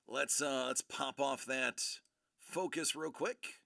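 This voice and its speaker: Bright, gravelly, excitable streaming host. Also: male voice, mid-range voice, unhurried, dry recording, studio quality. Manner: excitable, playful, hypes up each card. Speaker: livestream host opening trading card packs. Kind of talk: live card-break commentary.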